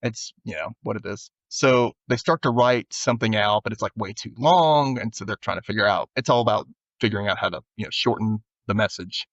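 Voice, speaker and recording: A man's voice: lowish voice, brisk, few pauses, dry recording. Man, podcast host, casual recap chat, acts out the lines, dry slightly muffled sound. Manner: animated retelling, often acting out characters' lines.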